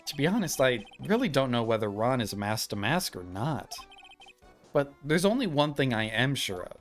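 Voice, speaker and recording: A man's voice: mid-range voice, sing-song, normal speed, faint music behind, natural voice. A man voicing a young defense lawyer thinking aloud about his uncertain client. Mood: musing.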